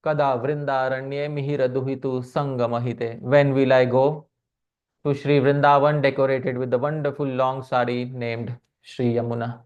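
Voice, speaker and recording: A man giving a devotional lecture on poetry who keeps addressing his listeners as dear devotees, asks them questions and chants verses slowly before translating them. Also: medium pitch, smooth. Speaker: speaker giving a scripture class. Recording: slightly muffled recording.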